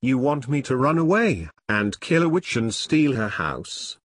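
A man's voice: mid-range voice, big pitch swings, measured pace, husky. A man voicing a confused, hurt young man who asks hesitant, puzzled questions.

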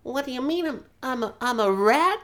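A man voicing a small rat who poses as an orphan boy, in a high squeaky voice broken by sneezes. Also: animated, moderate pace, a bit bright. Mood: confused.

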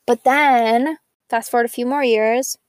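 A woman's voice: on the high side, fairly even intonation, measured pace, dry recording, clean studio sound. A young woman candidly telling her personal story in a chatty, upbeat way, full of "like". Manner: chatty, upbeat, frequent "like" fillers. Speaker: speaker sharing her recovery story.

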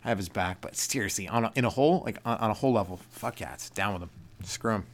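A man's voice: fast talker, slight background noise. Profane rambling man, comedy rant. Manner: profane, rambling, acts out quotes in high voices. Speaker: podcast host. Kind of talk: solo comedy podcast rant.

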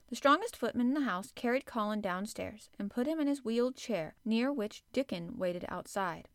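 A woman reading a classic children's story aloud in a gentle, measured way. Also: fairly high pitch, lively intonation, no room sound, studio quality. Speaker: audiobook reader. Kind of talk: storybook narration.

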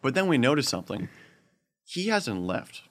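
A man telling a long story in casual chat, animated and laughing often as he acts out the voices of the people in it. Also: medium pitch, moderate pace. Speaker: podcast host telling a story.

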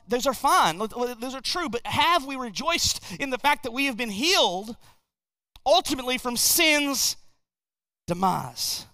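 A high-pitched man preaching from the pulpit. His tone is bright and forceful. He surges loud on key words and sinks to a hush between them, and a long hall reverb trails every phrase. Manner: preaching with sudden swells and drops in volume. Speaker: pastor. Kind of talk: sermon.

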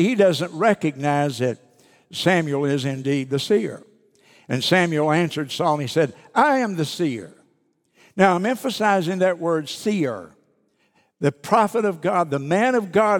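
A man's voice: on the high side, a little mellow. Man preaching in a reverberant sanctuary. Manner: preaching, reading scripture aloud and explaining it. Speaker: pastor. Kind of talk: sermon. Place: church sanctuary.

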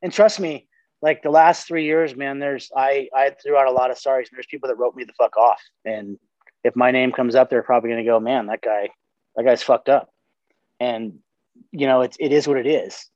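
A man's voice: medium pitch, fairly even intonation, a little fast, darkish tone, dry recording. A man in casual podcast conversation, talking earnestly, swearing casually and often restarting his sentences. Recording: dull lo-fi sound.

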